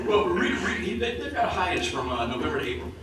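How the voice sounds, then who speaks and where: A man's voice: high voice, big pitch swings, fast. A man as a convention panel guest, swearing constantly as he tells a rambling comic story. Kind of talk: profane comic anecdote. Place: large convention hall. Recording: echoey hall, distant mic, loud crowd noise.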